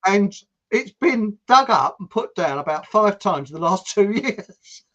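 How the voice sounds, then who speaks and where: A man from England chats casually, spinning anecdotes and breaking into laughter as he goes. His voice sits fairly high for a man. Now and then he slips into mock accents. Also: animated, measured pace, fairly bright tone, dull audio. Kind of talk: casual chat. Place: home.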